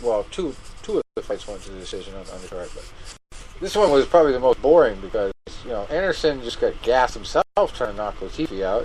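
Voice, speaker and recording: A man chatting casually about fights, animated and quick to laugh, tossing in the odd curse. His voice sits at an ordinary pitch, with a faint hiss of noise in the background. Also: low-quality recording. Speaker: co-host. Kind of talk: casual fight recap chat.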